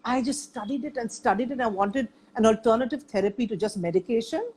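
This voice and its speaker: A woman's voice: fairly high pitch, quick pace, a little mellow, a little hiss or hum, low-quality recording. An older woman sharing her experience in a casual chat, talking emphatically and repeating points for stress.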